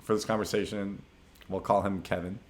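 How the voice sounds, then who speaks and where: A man's voice: lowish voice, flat delivery, brisk. A young man hosting a podcast, casually telling a dating story in a laid-back, slangy way with lots of filler words. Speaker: podcast host.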